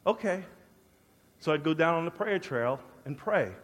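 A middle-aged man preaching a personal testimony, swinging from hushed to loud as he acts out his prayers, in a large church hall. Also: fairly high pitch, animated, moderate pace. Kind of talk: sermon testimony. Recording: long hall reverb.

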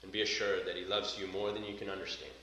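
A man's voice: deep voice, flat delivery, fast, sharp tone, a little hiss or hum. A man preaching a sermon as pastor, earnest and emphatic, building points through repetition. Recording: very echoey hall sound.

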